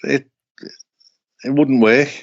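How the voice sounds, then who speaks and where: A man's voice: medium pitch, takes it slowly, creaky, no room sound, highs cut off. A man co-hosting a casual podcast chat, blunt and sweary as he tells stories. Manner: blunt, sweary, animated storyteller. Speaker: podcast co-host.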